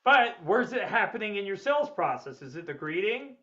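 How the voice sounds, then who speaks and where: A man with a high-pitched voice leads a sales seminar. He is energetic and blunt and swears freely. The audio is dull and lo-fi. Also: fast, few pauses. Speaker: sales trainer. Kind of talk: webinar seminar lecture.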